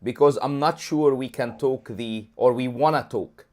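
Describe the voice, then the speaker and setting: A man co-hosting a casual livestream, talking in an animated, rambling way with many restarts, a throat lozenge in his mouth. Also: mid-range voice, moderate pace. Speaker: co-host.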